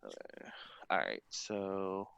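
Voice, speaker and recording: A man's voice: deep voice, very animated, takes it slowly, creaky, a crowd in the background. A man playing a tabletop role-playing game in casual chat, talking thoughtfully with frequent restarts. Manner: thoughtful, hesitant, lots of restarts.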